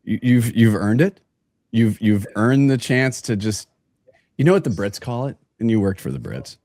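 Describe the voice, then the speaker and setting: A man's voice: lowish voice, expressive, normal speed, darkish tone, no echo. A man hosting a casual interview, playful and rambling, asking long questions full of fillers. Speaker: interviewer, host.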